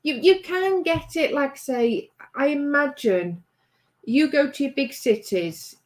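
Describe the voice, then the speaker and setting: A chatty woman co-hosts a casual late-night stream, reading out viewer comments and teasing back. Her voice sits a bit higher than most women's. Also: expressive, slow. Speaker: livestream co-host reading chat. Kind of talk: casual chat.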